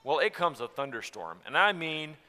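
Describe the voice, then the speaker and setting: A man, from Tennessee, preaching a sermon about marriage in an earnest way, going from soft to loud. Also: fairly high pitch, big pitch swings, normal speed, big-room sound.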